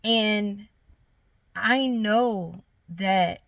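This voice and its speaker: Earnest woman with a gravelly edge. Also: medium pitch, extremely slow, a bit bright, no echo. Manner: earnest, encouraging, speaks directly to viewers. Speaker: vlogger sharing her story. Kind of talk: heartfelt faith testimony to camera.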